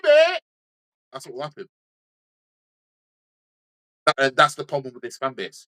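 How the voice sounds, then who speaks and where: A man's voice: medium pitch, bright, forceful tone. A man hosting a fan channel, ranting sarcastically in a heated football reaction, repeating himself as he goes.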